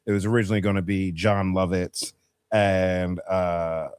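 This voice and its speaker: A man's voice: sits low, flat delivery, moderate pace, smooth, dry recording. A man co-hosting a casual movie talk show, building up to trivia reveals. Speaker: podcast co-host.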